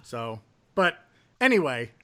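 A man's voice: mid-range voice, big pitch swings, takes it slowly, a bit bright. Chatty middle-aged man telling stories. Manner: chatty anecdotal storyteller, self-deprecating. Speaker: podcast co-host. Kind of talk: casual sports chat.

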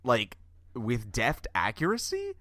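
A man's voice: mid-range voice, wildly swooping pitch, takes it slowly, bright, forceful tone, no room sound, studio quality. A man co-hosting a comedy podcast, making grand, doom-laden pronouncements with mock seriousness. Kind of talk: deadpan comedy banter.

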